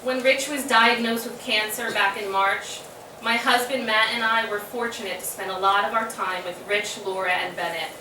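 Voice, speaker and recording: A woman delivering a memorial eulogy for her brother, telling fond, wry stories with soft laughs. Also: mid-range voice, fairly even intonation, moderate pace. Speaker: eulogist, sister of the deceased. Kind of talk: memorial eulogy read from notes. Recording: echoey room from a distant mic with ambient noise.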